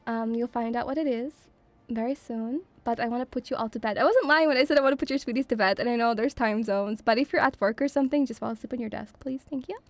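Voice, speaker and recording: A woman's voice: a little high, fast, dry recording. A woman streaming as a VTuber, chatting casually and reading viewer messages in a flirty, teasing, giggly way.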